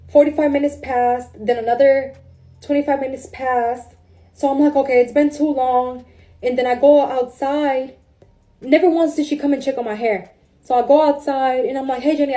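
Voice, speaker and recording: In a high, warm voice, a woman casually recounts a trip to the salon as a client. Her storytime is emotional and informal, and she calls her listeners "bro."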